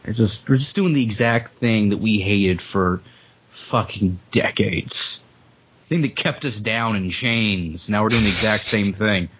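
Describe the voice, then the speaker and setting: A man's voice: on the low side, a little slow, a bit bright, slightly rough. A young man in a casual group chat, ranting heatedly and swearing often. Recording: muffled lo-fi recording.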